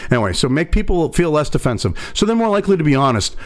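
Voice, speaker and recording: Pissed off commentary guy swearing nonstop, voice jumps all over, kinda high. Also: very animated, very fast. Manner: angry, sarcastic, swears constantly. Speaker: host. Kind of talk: profane political commentary rant.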